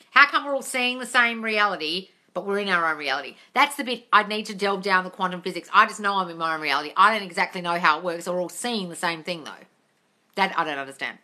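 A woman's voice: fairly low pitch, bright, forceful tone. A woman hosting a casual livestream Q&A as a manifesting coach. She answers viewer comments bluntly, swears freely and calls her listeners darling. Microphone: phone livestream.

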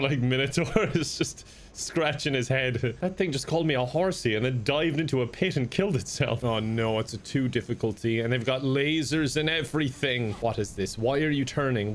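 A young Irish man giving self-deprecating, comedic commentary while playing a game at his home desk, laughing often. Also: mid-range voice. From Ireland. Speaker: gaming YouTuber.

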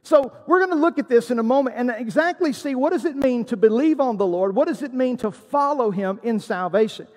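A man's voice: extremely high pitch, lively intonation, fairly quick, hardly any pauses, a little mellow, big-room sound. A man preaching a sermon as pastor, emphatic and quoting scripture.

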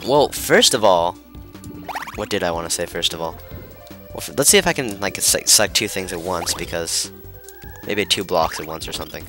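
A young man's deep, slightly bright voice offers rambling, flustered commentary as he plays a video game. He's a let's player, and his gameplay talk is packed with fillers and false starts.

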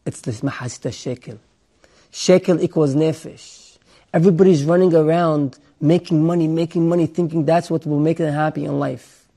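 Male Torah teacher, high voice, animated storyteller who mixes in Hebrew words. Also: normal speed. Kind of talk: sermon with an acted story.

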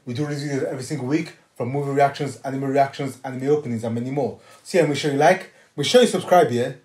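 A man's voice: medium pitch, fast, a little mellow. A young man hosting a casual film reaction with his brothers, upbeat and jokey. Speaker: channel host reacting to a film. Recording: echoey room with film music behind.

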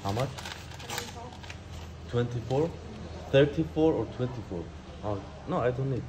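A man from Sweden talking straight to his camera in a casual, excitable way, with frequent swearing. His pitch sits in the middle for a man. Loud traffic and street noise run under everything he says. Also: measured pace. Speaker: travel vlogger. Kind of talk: casual travel vlog chat. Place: outdoors in city streets and in a minibus.

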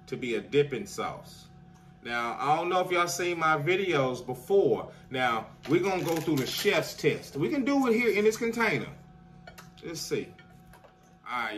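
A man, a chef, chatting his way through a casual food review at home and constantly addressing viewers as "y'all.". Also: medium pitch. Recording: voice a bit far from the mic.

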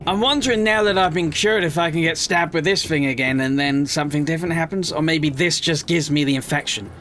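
A man giving chatty, emotional let's play commentary, often squealing up high in excitement. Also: brisk, a little hiss or hum.

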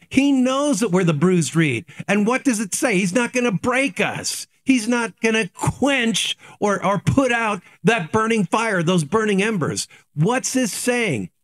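A man's voice: high voice, fairly bright tone. A man, a pastor giving a daily devotional sermon, earnest and repetitive, asking rhetorical questions and answering them.

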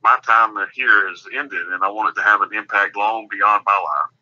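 A man's voice: lowish voice, normal speed, pushed and bright. A man from Alabama, talking earnestly as an author in a casual radio interview, often restarting his sentences. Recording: dull lo-fi radio audio.

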